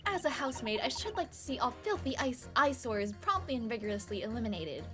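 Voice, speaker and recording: A woman's voice: on the high side, very animated, a little fast, over music. A woman reading the lines of a prim, haughty young housemaid juror in a game.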